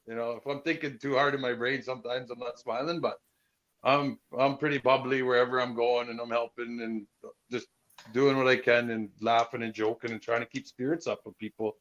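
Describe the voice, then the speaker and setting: A man's voice: medium pitch, fairly even intonation, a little fast, a bit bright. A man talking as a guest on a chat show, easygoing and folksy, telling stories. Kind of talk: casual chat. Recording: dull lo-fi recording.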